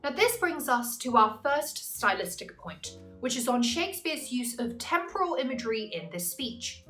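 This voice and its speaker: A woman tutor explains a text in a measured, analytical way, and she slows down on the terms she wants to stress. Her fairly high voice rises and falls widely, with soft music underneath. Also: sing-song. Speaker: English literature tutor. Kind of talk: scripted explanatory narration.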